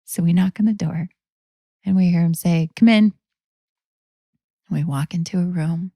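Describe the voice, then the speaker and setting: A woman hosting a spiritual talk, telling a guided story slowly and often dropping into a whisper. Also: on the low side, fairly even intonation, warm tone, dry recording, studio quality. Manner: slow, drifting into whispers. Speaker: host.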